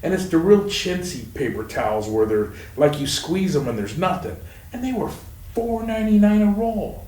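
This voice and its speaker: A man's voice: a little high, sing-song, normal speed, darkish tone. A man hosting a casual podcast chat, rambling and swearing freely as he talks. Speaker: podcast host. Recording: roomy echo, mic at a distance, faint noise.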